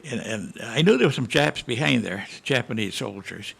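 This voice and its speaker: A man's voice: mid-range voice, animated, normal speed, gravelly, fairly bright tone, husky. A man in his eighties, a war veteran on a panel, telling a live audience a vivid battle story and sounding out the gunshots himself. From United States. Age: 80s. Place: conference hall panel.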